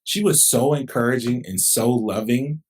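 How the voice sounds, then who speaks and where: A man's voice: medium pitch, moderate pace, a little mellow, husky. A man, a pastor hosting a podcast, talking in a reflective, conversational way. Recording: distant mic, roomy.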